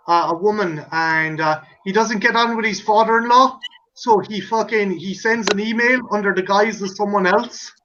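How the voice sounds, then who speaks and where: A man's voice: high-pitched, sharp tone. A man hosting a casual chat who swears freely, laughs and acts out comedy scenes. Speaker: podcast host. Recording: dull lo-fi audio.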